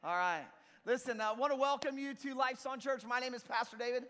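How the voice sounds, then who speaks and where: A man preaching a sermon as lead pastor, lively and joking with the congregation in a church auditorium. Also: very high-pitched, brisk. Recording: long reverb of a church hall.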